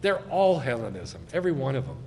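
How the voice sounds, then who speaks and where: A man giving a sermon as a rabbi, speaking with emphasis and swelling loud on key phrases. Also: mid-range voice, sing-song, fast talker, long reverb tail, a little hiss or hum. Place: congregation sanctuary.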